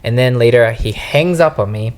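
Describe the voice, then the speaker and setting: A man's voice: mid-range voice, normal speed. A young man, a podcast guest, casually and animatedly retelling a personal story. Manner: animated, lively retelling, often says "I was like".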